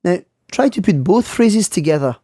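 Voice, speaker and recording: A man teaching French in a scripted lesson, speaking clearly and saying model phrases slowly for learners. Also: sits high, lively intonation, dark tone, no room sound, studio quality.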